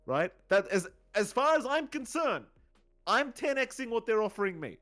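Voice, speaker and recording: Animated Australian man, lively pitch. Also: normal speed, soft background music. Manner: animated, swearing storyteller. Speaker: podcast co-host. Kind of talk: casual chat.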